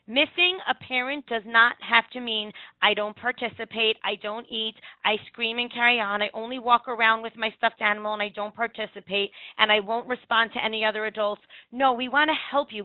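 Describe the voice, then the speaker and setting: A woman with a fairly high voice giving earnest advice as an early childhood educator. She comes through a thin, phone-like line. The sound is dry and close, and she restarts a phrase here and there. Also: dry recording. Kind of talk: instructive talk with anecdotes.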